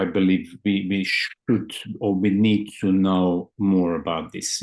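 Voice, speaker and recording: A man speaking as a guest therapist, explaining his field in a thoughtful, halting way and often restarting his words. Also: low voice, a little mellow. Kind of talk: conversational explanation.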